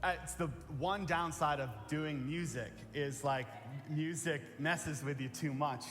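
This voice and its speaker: Pastor, man, slightly high voice, conversational sermon with repeated key lines, long church reverb. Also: steady tone, a little slow, fairly bright tone. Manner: earnest, plain-spoken, repeats key phrases. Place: church sanctuary.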